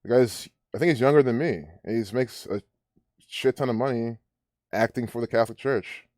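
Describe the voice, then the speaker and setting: A man's voice: medium pitch, normal speed, a little mellow, no echo, studio quality. A man hosting a live stream, ranting and rambling with many restarts as he comments. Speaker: livestream host.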